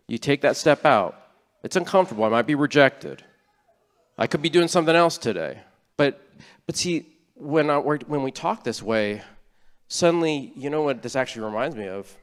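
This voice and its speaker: A man's voice: medium pitch, lively intonation, normal speed, in a large hall. A man preaching a sermon as a church elder, in an earnest, conversational way with frequent restarts. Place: church sanctuary.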